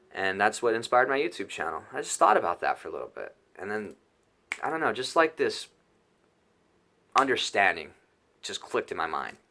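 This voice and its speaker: A young man telling a rambling personal story in a casual vlog, excitable and full of swearing and fillers. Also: lowish voice. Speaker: YouTuber telling a trip story.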